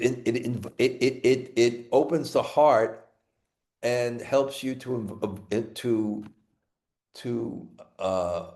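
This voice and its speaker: A spiritual teacher with a Brooklyn accent gives a scripture class, speaking haltingly, repeating words and restarting often. His voice is medium-pitched and a little mellow.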